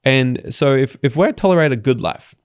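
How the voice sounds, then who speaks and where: Gravelly Australian man, animated storyteller. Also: medium pitch, moderate pace, no room sound, studio quality. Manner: animated storytelling, acting out quoted people. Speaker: podcast guest. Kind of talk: casual interview talk.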